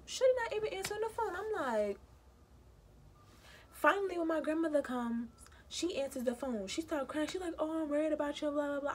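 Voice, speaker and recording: A young woman telling a story casually to her viewers, animated and indignant, acting out the people in it. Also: sits high. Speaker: vlogger.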